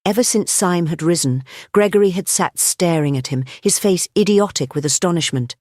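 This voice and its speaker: An audiobook narrator reads a classic novel in a measured, even manner at a middle pitch. The recording is dry and close, with no room sound. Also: dry recording. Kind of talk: scripted narration.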